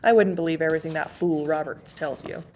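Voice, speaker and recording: A man's voice: fairly high pitch, steady tone, quick pace, darkish tone, lightly acted. A woman reading aloud and voicing a teasing, amused hooded male rider in a cheerful, mocking tone.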